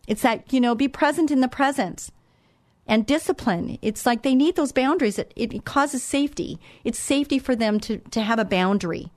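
A woman's voice: on the high side, normal speed, a little mellow, dry recording. Dry, chatty middle-aged woman host. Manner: conversational, repeats words, says "okay?" and "you know". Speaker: radio host. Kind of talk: Christian parenting talk.

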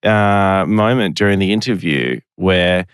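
A man's voice: deep voice, a little slow, clear, resonant tone, no room sound, studio quality. A man talking as a podcast guest, telling long stories in a rambling, self-deprecating way. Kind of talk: casual podcast interview.

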